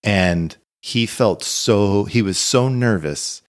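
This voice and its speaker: Low-voiced man telling a story. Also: slow. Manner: rambling storyteller, retells anecdotes with many fillers. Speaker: podcast co-host. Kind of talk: casual podcast chat.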